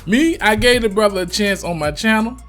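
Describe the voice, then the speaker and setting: A man's voice: high voice, lively intonation, fairly quick, fairly bright tone, soft background music. A man with a Virginia accent giving loose, slangy reaction commentary, swearing freely. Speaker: reaction youtuber.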